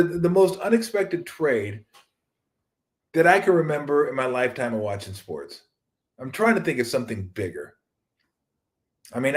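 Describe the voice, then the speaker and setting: Rambling, joking man hosting sports talk. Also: medium pitch. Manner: rambling, jokey, acts out quoted voices. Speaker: sports talk show host. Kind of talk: casual solo sports talk.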